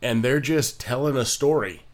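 A man co-hosting a casual podcast chat, explaining accent resources in a measured, informative way. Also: medium pitch.

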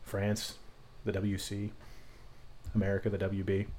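A man co-hosting a casual chat about accents, joking and quick with asides. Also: fairly low pitch, completely flat delivery, dark tone, a little hiss or hum. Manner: jokey, quick asides, laughs easily. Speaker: podcast co-host.

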